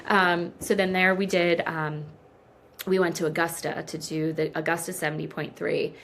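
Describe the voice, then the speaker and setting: Lower-voiced woman telling an emotional story. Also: moderate pace, a little hiss or hum. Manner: emotional, animated storyteller who acts out quoted dialogue. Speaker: podcast guest. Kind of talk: interview storytelling.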